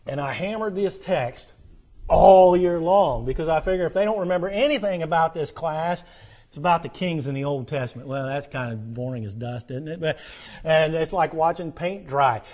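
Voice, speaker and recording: A middle-aged man preaching a sermon earnestly, dropping low at the ends of lines and rising for emphasis. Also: normal speed, darkish tone. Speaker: pastor.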